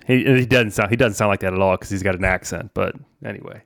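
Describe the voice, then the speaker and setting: A man's voice: on the low side, quick pace, creaky, hardly any pauses, a bit bright, no echo, clean studio sound. A man in his forties, a podcast host from New Orleans, giving casual money advice in a chatty way, often saying "man" and "right?". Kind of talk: casual financial advice talk.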